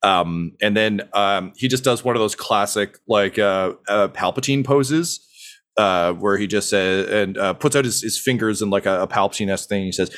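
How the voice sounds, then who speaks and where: A man's voice: fairly low pitch, normal speed, fairly bright tone. A man narrating as game master, in a casual, rambling way full of fillers.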